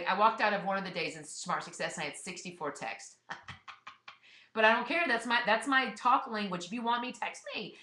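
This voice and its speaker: Blunt, bright-voiced woman coach. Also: medium pitch. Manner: blunt, emphatic pep talk. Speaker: fitness business coach. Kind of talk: motivational webinar talk. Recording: echoey room.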